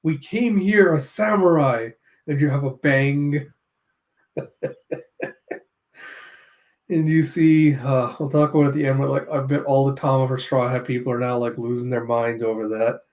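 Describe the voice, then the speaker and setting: This manga reviewer's mid-range voice has little pitch movement and a darkish tone. He's casually going through a comic chapter, describing panels with off-hand, sardonic commentary and short bursts of character voices.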